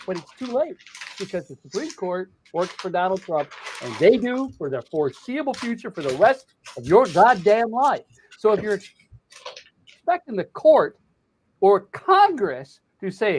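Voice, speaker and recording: In a heated political chat, this older commentator rants bluntly with swearing, frequent restarts and repeated words. His voice is high-pitched and breathy-edged, with big pitch swings at a measured pace.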